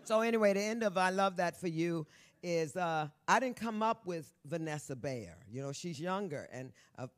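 A woman in her sixties, a guest author telling stories on stage at a live event, brassy, bawdy and loud, laughing often and talking straight to the audience. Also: lowish voice, expressive, normal speed. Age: 60s. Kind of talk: storytelling on stage.

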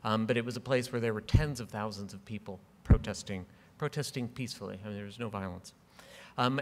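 A man's voice: fairly low pitch, a bit bright. Earnest man speaking in a hall. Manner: measured, earnest, with frequent ums and dry humor. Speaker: award recipient giving an acceptance speech. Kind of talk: formal acceptance speech. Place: large ceremony hall. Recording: long hall reverb.

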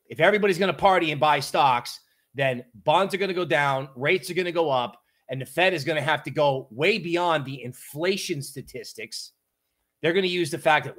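A man with a higher-pitched voice hosts casual market commentary on a livestream. He tells his points as animated, joking stories. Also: normal speed. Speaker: crypto market livestream host.

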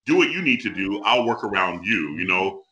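This is a man sitting in as a guest opera bass on a casual video-call chat. His low-pitched voice is strikingly bright and forceful. He talks earnestly and humbly, often breaking off and restarting his phrases. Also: sing-song, brisk, muffled recording.

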